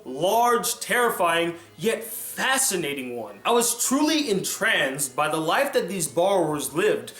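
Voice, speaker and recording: A man's voice: high-pitched, fairly bright tone, roomy sound. A man giving a casual, enthusiastic, jokey film review.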